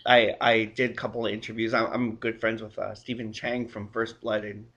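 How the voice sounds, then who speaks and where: A man's voice: lowish voice, flat delivery, a bit bright, muffled recording. A man interviewing a guest, agreeable and encouraging, with frequent short affirmations. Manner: agreeable, encouraging, quick backchannels. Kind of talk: casual interview.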